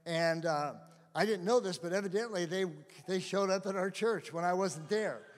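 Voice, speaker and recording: A middle-aged male pastor telling stories in a sermon, animated and often laughing. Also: sits high, normal speed. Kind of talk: sermon storytelling. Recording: long hall reverb.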